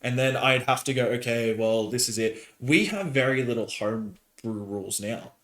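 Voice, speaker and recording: A man, a podcast host and dungeon master, chatting casually and telling animated stories with laughter. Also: medium pitch, moderate pace, reverberant. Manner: rambling, animated storytelling with laughs.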